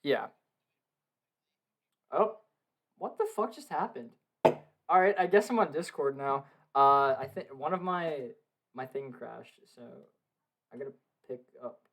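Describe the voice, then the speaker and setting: A young man chatting casually on a podcast from his home basement, excitable, swearing a lot and laughing often. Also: on the high side, a little slow, long pauses, slight background noise. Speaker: podcast co-host. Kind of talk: casual film review chat.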